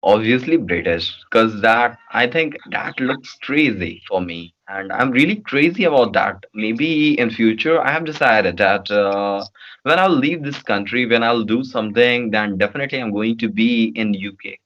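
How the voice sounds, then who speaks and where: A man's voice: medium pitch, expressive, moderate pace, fairly bright tone, muffled recording, slight background noise. A man from Bihar with an Indian accent, answering interview questions in a hesitant way with many fillers. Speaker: guest.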